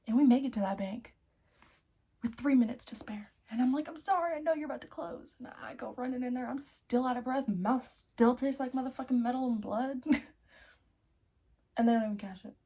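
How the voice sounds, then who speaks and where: A young woman in her twenties, telling a story in a casual vlog, animated, swearing freely and laughing often. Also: a little high, normal speed, breathy edge. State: out of breath. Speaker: vlogger.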